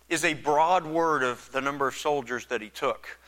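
A man's voice: fairly high pitch, normal speed, hardly any pauses, sharp tone, long reverb tail. A man preaching a sermon, conversational, imagining and acting out the dialogue of the story. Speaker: pastor.

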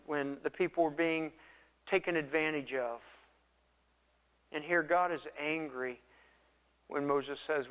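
Man pastor preaching, kinda high voice, repeats himself, long echoey church hall. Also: a bit bright, clear, resonant tone. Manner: earnest, repeats words, drops to near whisper for quoted pleas. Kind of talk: sermon.

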